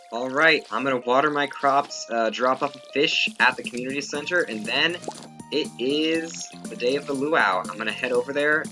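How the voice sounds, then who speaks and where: A man's voice: medium pitch, bright, forceful tone. A young man casually commenting on his own gameplay, chatty and rambling with many fillers. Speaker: let's play host. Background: game music.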